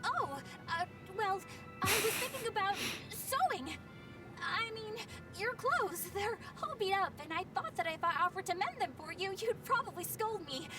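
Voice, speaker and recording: An earnest young exorcist girl who rambles when flustered, her voice pitched high. She is heard from a distance through game audio, with music playing behind her. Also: animated, moderate pace. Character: earnest young woman exorcist, shy and eager. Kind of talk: game voice acting.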